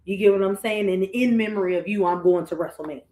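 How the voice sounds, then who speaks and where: Woman, podcast co-host, casual emotional storytelling, echoey room. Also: mid-range voice. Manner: emotional, animated storyteller, quick asides. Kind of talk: casual chat.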